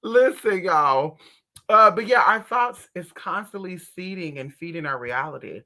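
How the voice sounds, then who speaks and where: A woman reader chatting casually to her viewers from home in a sassy, slangy, animated way. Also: fairly low pitch, normal speed. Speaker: spiritual reader and streamer. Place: at home indoors.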